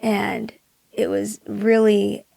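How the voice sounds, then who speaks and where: A young woman from Maui, a singer-songwriter, telling a personal story in an interview, soft-spoken and dropping to a hush for quoted thoughts. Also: mid-range voice, completely flat delivery, extremely slow, gravelly, no room sound. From Maui, Hawaii.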